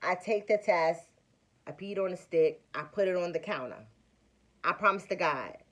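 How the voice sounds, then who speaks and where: A woman's voice: fairly low pitch, moderate pace, muffled recording. A young woman vlogger telling a personal story in a casual, slangy way, acting out what people said. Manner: animated storyteller, acts out quotes, slangy.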